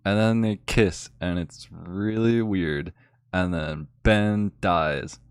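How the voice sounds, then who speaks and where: A man's voice: lowish voice, slow, clean tone, dry recording, studio quality. A man ranting casually and sarcastically to a friend, rambling with lots of filler words. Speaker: channel host.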